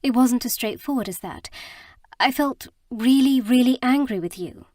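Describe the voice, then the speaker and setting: A woman voicing an earnest, emotional young bride in an audiobook, speaking in a halting, heartfelt way. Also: on the high side, darkish tone, no echo, studio quality, pitched above the performer's own voice, lightly acted. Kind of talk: audiobook character reading.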